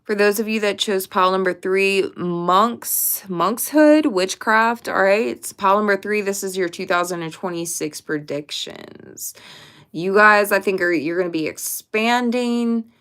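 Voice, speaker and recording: A woman's voice: mid-range voice, unhurried, a bit bright, smooth. A woman giving a casual pick-a-card tarot reading to camera, speaking directly and emphatically and swearing casually. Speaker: tarot reader.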